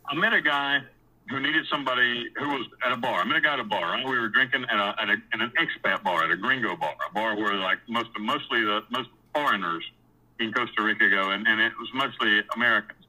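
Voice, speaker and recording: This man talks fast at a medium pitch, and the audio is poor. He rambles through a personal story in a casual, profane, blunt way, restarting often and repeating words, and becomes animated as he describes scenes.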